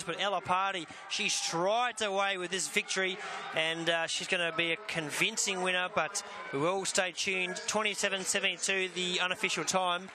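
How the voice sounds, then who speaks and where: Flat, high-voiced Australian race caller. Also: male voice, background noise. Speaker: race commentator. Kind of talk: race call.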